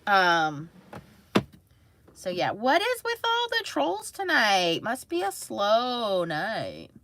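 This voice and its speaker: A woman's voice: medium pitch, huge pitch swings, slow pace, a bit bright, a little hiss or hum. A woman casually telling a family story to her live chat, rambling and full of filler words, laughing at herself. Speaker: mother streaming to live chat.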